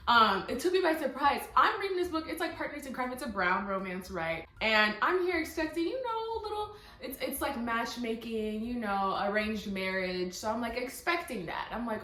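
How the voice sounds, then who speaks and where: A young woman vlogger reviewing books in casual, excited chat, full of fillers and quoted asides. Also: fairly high pitch, normal speed, few pauses. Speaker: book vlogger. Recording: echoey room, faint music.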